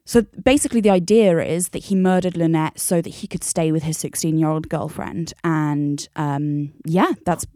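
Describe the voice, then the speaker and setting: A woman's voice: sits low, steady tone, moderate pace, few pauses, dark tone, no echo, studio quality. A woman co-hosting a podcast, chatty and casual, swearing freely and laughing often. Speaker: podcast co-host. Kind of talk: casual chat.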